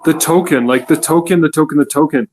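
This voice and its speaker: Rambling higher-voiced man on a call. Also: fast, heavy background noise. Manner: rambling, repeats himself. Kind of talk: casual group call chat.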